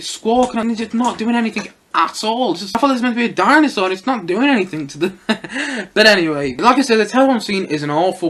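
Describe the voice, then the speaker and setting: Fast-talking young male film reviewer. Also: high-pitched, a bit bright. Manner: chatty, rambling, lots of fillers and little laughs. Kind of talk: casual solo film review.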